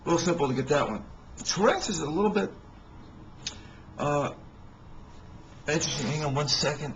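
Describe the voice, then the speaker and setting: A man telling rambling personal stories in a halting way, with many restarts and fillers. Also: a little high, animated, background noise.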